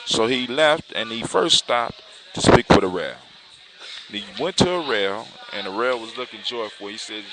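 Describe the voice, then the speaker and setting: A man narrating a folktale aloud in a relaxed, unscripted way. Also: fairly low pitch, normal speed. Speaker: storyteller. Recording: clear background hiss.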